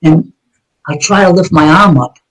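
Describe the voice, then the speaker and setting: Guy, middle-aged, telling his story hard and blunt, swears a lot, voice sits a bit high. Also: steady tone, normal speed, a bit bright, low-quality recording. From Massachusetts, USA. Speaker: guest, retired police detective. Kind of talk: personal story told in an interview.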